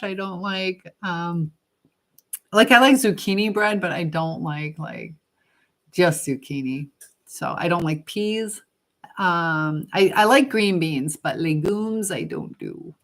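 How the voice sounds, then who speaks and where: A woman's voice: fairly low pitch, fairly bright tone, poor audio. A woman hosting a casual live stream from home, chatting and reading viewer comments aloud with frequent laughs.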